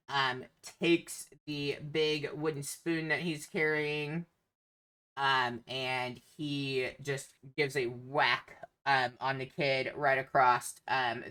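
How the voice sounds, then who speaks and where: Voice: medium pitch, bright, forceful tone. A game master narrating a tabletop game, hesitant and full of filler sounds.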